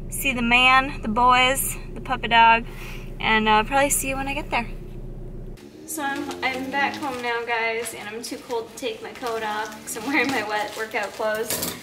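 A woman's voice: fairly high pitch, noisy background. A woman in her twenties, a fitness vlogger talking casually to a handheld camera as she runs errands, chatty and upbeat, saying "like" often. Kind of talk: casual vlog chat. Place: out and about: car, gym, home.

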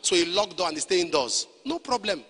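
High, lively preacher in a hall. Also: male voice, brisk. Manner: preaching with acted quotes and rising shouts. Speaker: pastor. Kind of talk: sermon. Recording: long hall reverb.

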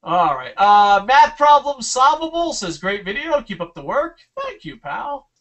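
A young man from New Jersey talks through a loose, swear-filled podcast chat. His pitch swings up and down as he rambles through stories. He sits a little back from the mic. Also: big pitch swings, unhurried, a bit bright, far from the mic, muffled recording. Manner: profane, rambling storyteller. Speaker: podcast co-host.

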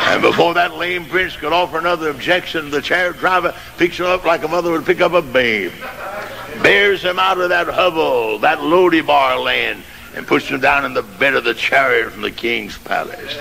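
A man preaching a sermon, telling a story dramatically and rising to shouted climaxes. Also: on the high side, creaky. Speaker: pastor. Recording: noisy old sermon tape.

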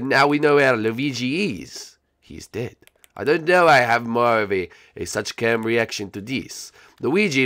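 A man's voice: medium pitch, creaky, a bit bright, no echo, studio quality. Man putting on a hammy French Koopa. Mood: dramatic. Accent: mock French. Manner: broken English, hammy, self-important. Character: boastful French-accented male Koopa turtle, vain and silly. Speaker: regular character in a series. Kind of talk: Minecraft role-play.

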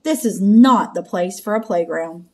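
A woman's voice: mid-range voice, measured pace, dark tone. A woman reading a storybook aloud and voicing a worried older woman in an earnest, fretful way. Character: worried old woman neighbor.

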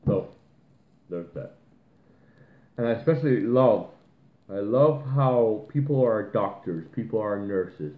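Ranting man on a tinny echoey line. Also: fairly low pitch. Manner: profane, heated ranting with mocking quoted voices. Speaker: podcast co-host. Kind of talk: ranting casual podcast talk.

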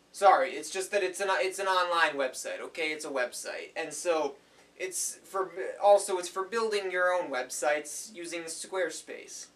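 Man, goofy improvised parody ad, rambling deadpan, bright tone, mic a bit distant. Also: high voice, normal speed. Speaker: video creator.

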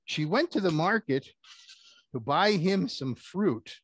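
A man's voice: on the high side, animated, slow pace, slightly rough, no room sound. A man performing a children's puppet show, telling rhymes in a playful, theatrical way. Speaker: puppeteer and storyteller.

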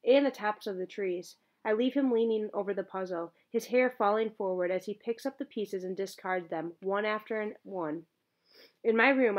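A woman's voice: medium pitch, highs cut off. A woman reading a first-person novel aloud in an earnest, emotionally engaged way. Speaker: audiobook narrator.

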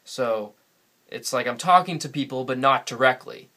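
Alone in front of his camera, a bright-voiced New England guy records a casual solo vlog through the camera mic. He speaks at medium pitch and a moderate pace, rambling chattily and laughing a lot.

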